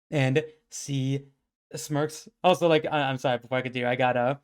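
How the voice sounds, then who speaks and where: A man's voice: medium pitch, fairly even intonation, normal speed, clean tone. A man narrating as game master in a tabletop game, casual and laughing often, with many fillers.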